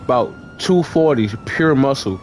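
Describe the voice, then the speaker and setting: A young man in voice chat, rambling through a profane story full of "like" and restarts, acting out lines with shouts. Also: medium pitch, animated, a little slow, a little hiss or hum. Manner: acts out quoted lines, shouting and laughing. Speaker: gamer in voice chat.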